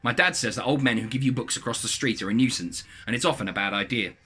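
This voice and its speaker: A man reading a submitted story aloud in a lively, animated way. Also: mid-range voice, fast, husky.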